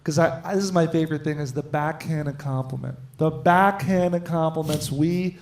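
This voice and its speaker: A man hosting a comedy show on a club stage, shouting to hype the crowd and chatting with fellow comedians. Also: fairly high pitch, normal speed. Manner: loud, shouting emcee. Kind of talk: hyping the crowd, then casual panel chat. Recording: roomy club with crowd noise.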